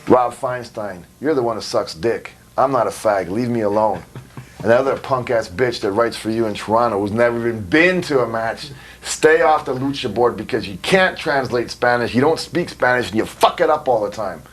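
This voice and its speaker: Recorded in 2002, a wrestler speaks at medium pitch and a moderate pace in a casual interview, rambling bluntly, swearing freely, and laughing in between his tales.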